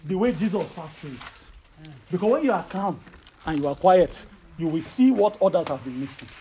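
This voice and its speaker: A man with a Nigerian accent preaching a sermon, telling a personal story in an animated, rising voice. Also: sits high, normal speed, slight background noise. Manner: animated, rises to loud excited storytelling.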